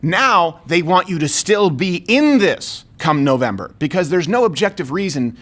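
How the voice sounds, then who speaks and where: A man hosts a political talk show in an emphatic, argumentative way, tossing in sarcastic asides. His voice sits high and jumps around a great deal as he makes his points. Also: animated, normal speed, a bit bright. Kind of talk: opinionated political commentary chat.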